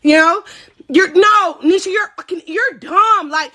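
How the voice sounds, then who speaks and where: Bright, high-voiced woman telling a story live. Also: a little slow. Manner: animated and profane, laughing often, addressing viewers as y'all. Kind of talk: casual storytime chat to a live audience.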